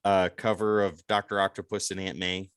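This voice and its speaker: A man's voice: low voice, level tone, normal speed, clear, resonant tone, dry recording, studio quality. A man hosting a casual podcast chat, joking and teasing the guests. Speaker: podcast host.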